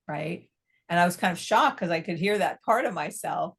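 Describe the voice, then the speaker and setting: A middle-aged woman with a fairly low voice speaks as a therapist guest in an interview. She explains things in a measured, patient way and often checks in with a quick "right?". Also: creaky, a bit bright, husky. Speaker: psychotherapist guest.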